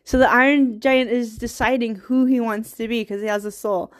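A woman's voice: on the high side, steady tone, normal speed. A young woman eagerly retelling a film's plot in casual, rambling talk, laughing often and getting teary. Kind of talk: casual movie recap.

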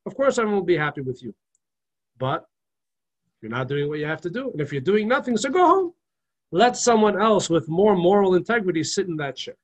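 A man's voice: high-pitched, sing-song, a little fast. A man putting on a Russian accent to voice a shrewd older Russian Jewish man giving blunt, insistent advice.

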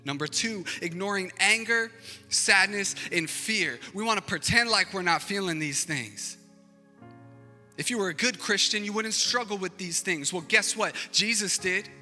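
A man's voice: sits high, normal speed, bright, forceful tone, big-room sound, faint music behind. A male pastor giving an impassioned sermon, his intensity rising and falling.

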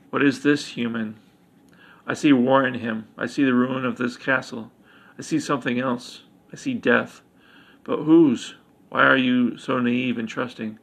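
A cruel, imperious elf queen from a read-aloud fantasy tale, as a man voices her. Her voice is gravelly and low in melody and barely moves in pitch. She keeps an accusing, commanding tone. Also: a bit bright, low-quality recording. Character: cruel, haughty adult female elf queen.

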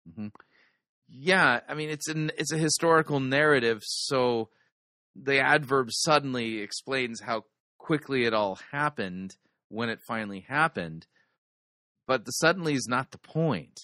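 A man's voice: medium pitch, expressive, unhurried, bright, forceful tone, no echo, studio quality. Wisecracking man critiquing a sermon. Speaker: sermon review host. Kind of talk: critical commentary on a sermon clip.

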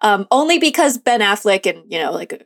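A woman's voice: mid-range voice, big pitch swings, a little fast. A woman co-hosting a movie podcast in casual, chatty talk, laughing often. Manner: giggly, chatty, frequent laughs. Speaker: podcast co-host.

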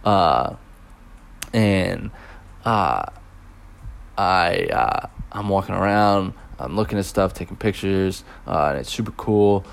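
A man's voice: low voice, animated, slow pace, vocal fry, clear, resonant tone. A young man who teaches abroad, casually telling a rambling story with lots of fillers and chuckles.

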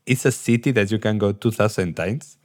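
A low-pitched man with a Spanish accent chats on a podcast. He talks in animated bursts, laughs often and repeats words as he hunts for the next one. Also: fairly quick. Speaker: podcast co-host. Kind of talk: casual chat.

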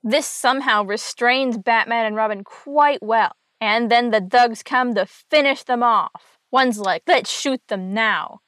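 A woman with a slightly high voice recaps a comic book in a relaxed, chatty way. She slips in dry, sarcastic asides. The recording is close and dry, with no room sound. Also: a little slow, few pauses, no echo. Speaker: podcast host recapping a comic. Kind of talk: casual comic recap narration.

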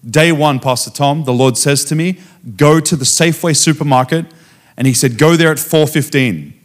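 A man preaching as a guest speaker, telling a personal testimony in a lively storytelling way and acting out the dialogue. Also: a little high, moderate pace. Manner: animated storytelling, acting out dialogue with frequent restarts.

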